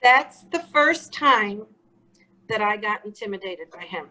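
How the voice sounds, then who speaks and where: A woman's voice: medium pitch, a little slow, rough recording. Blunt storytelling woman. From Chicago. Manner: blunt, swears freely, animated retelling. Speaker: guest. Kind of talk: candid storytelling interview.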